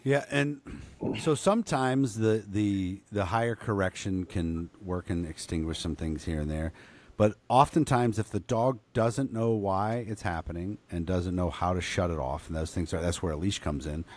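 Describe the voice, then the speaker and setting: Low-voiced dog trainer guest. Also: male voice, moderate pace. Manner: animated, profane, practical. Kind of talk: casual podcast interview.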